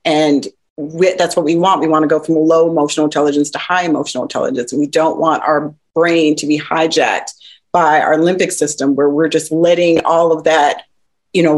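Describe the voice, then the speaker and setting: A woman guest on a podcast, talking in a lively, animated way with frequent laughs and acted-out quotes. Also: low voice. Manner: animated, laughs often, acts out quoted voices. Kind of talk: casual interview talk.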